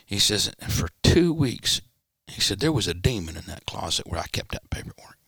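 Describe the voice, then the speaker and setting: A man, a pastor, telling a personal story in an interview and acting out the quoted dialogue with sudden pitch jumps. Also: lively intonation, fast talker, bright, forceful tone, slightly rough, no echo, clean studio sound. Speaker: pastor, guest. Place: church studio.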